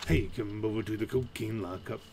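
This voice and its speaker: A man's voice: fairly low pitch, brisk, very noisy. A man giving casual, playful let's-play commentary, goofing around with silly sound effects. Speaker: gaming channel host.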